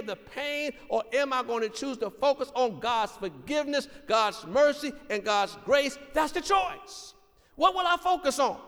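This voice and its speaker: A man's voice: very high-pitched, fairly bright tone, long reverb tail. A man preaching a sermon in an earnest, emphatic way, repeating his key lines for weight. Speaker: pastor.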